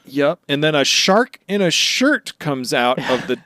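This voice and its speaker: A man's voice: fairly high pitch, sing-song, unhurried, bright, forceful tone, no room sound, studio quality. A man co-hosting a podcast in casual chat, rambling and enthusiastic, swearing now and then. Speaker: podcast co-host.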